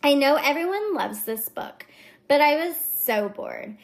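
A woman's voice: sits high, very animated, a little slow, voice pushed up, heavily acted. A woman voicing a snippy young female book critic with a dismissive Valley Girl drawl. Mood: scornful.

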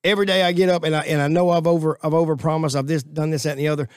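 A man's voice: on the high side, flat delivery, very fast, clean tone, dry recording, clean studio sound. A man at a group table speaking earnestly and candidly about his own habits. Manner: earnest, confessional. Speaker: group member. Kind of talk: casual group talk.

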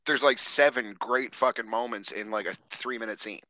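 A man talks casually with friends on a podcast, animated and quick to laugh. His voice is bright and forceful, and he swears freely. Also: mid-range voice, dry recording, poor audio. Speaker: podcast co-host. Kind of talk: casual chat.

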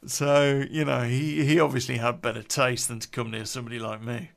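A man's voice: mid-range voice, flat delivery, brisk, gravelly, a bit bright. A man telling an unedited personal story on a podcast, blunt, sweary and rambling, drinking beer as he talks.

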